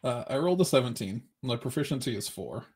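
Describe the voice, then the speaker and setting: A man's voice: mid-range voice, lively intonation, fast, a little mellow, slightly rough. A man playing a tabletop game, speaking briefly and casually, sometimes hesitating mid-sentence. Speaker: player.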